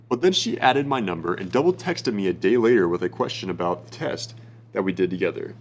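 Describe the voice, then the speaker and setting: A man's voice: deep voice, expressive, brisk. Blunt, foul-mouthed young male dating coach. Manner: blunt, profane, bro-ish. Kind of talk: casual advice monologue.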